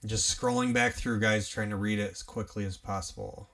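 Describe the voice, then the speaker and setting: A man with a fairly low voice chats loosely through viewer questions on a live stream, humming under his breath as he reads. He sits some way back from the microphone, so he sounds a little distant. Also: huge pitch swings, moderate pace, gravelly, fairly bright tone. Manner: thinking aloud, hums while scrolling chat. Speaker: livestream host answering chat questions. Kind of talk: casual live Q&A.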